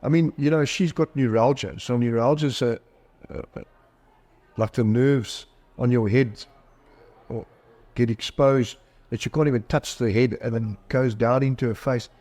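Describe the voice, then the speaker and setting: A middle-aged man, a psychologist and author, on a podcast. He tells personal stories in a frank, self-deprecating way and slips into quoted dialogue. His voice sits at an ordinary middle pitch. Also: moderate pace, a little mellow. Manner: candid, self-deprecating storyteller who acts out quoted dialogue. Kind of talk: podcast interview.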